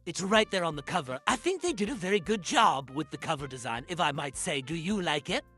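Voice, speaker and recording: A man's voice: fairly high pitch, animated, fairly quick, sharp tone, faint music behind. A man playing a vain, pompous bestselling novelist in a comedic mock interview, boastful and easily offended. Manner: boastful, indignant, self-important.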